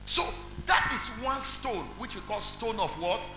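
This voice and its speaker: A man with a Nigerian accent preaching a sermon as pastor, quizzing the congregation and building to shouts. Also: sits high, lively intonation, unhurried. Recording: echoey hall with faint music.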